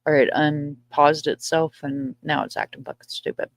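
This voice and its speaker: A woman's voice: low voice, level tone, moderate pace, no echo, clean studio sound. A woman with a Southern accent hosting a live stream, chatting playfully and swearing casually into a computer mic. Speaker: livestream host. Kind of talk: casual livestream chat.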